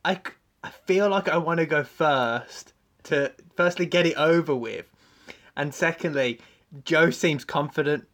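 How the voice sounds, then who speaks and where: A man's voice: fairly high pitch, measured pace, a bit bright. A man co-hosting a casual podcast, flustered and stammering, joking at his own expense. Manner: flustered, stammering, self-deprecating. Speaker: podcast co-host.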